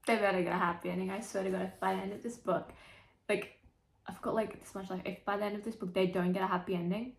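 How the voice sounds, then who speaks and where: A young woman chatting casually in a book vlog, animated and emotional, swearing freely as she gushes about characters. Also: medium pitch, fast, creaky. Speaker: book vlogger. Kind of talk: casual chat.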